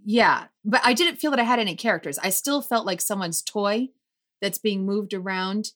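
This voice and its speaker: A woman in casual conversation about plays she has read aloud, animated and laughing often as she acts out quoted lines. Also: medium pitch, moderate pace. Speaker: podcast co-host discussing plays. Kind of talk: casual chat.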